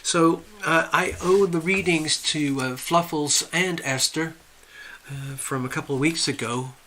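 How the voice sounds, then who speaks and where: A man with a bright, slightly high voice hosts a relaxed live stream from home. He chats and rambles, greeting viewers one by one by name. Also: a little slow, a little hiss or hum. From USA. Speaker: livestream host. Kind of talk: casual live chat reading viewer comments.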